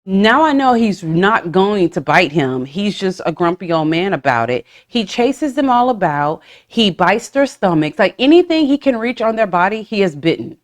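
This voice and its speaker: A woman in her forties hosts a casual podcast chat, telling animated stories with lively swings in pitch. She acts out little voiced asides and swears freely. Her voice sits in a middle register. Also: moderate pace, hardly any pauses. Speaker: podcast host.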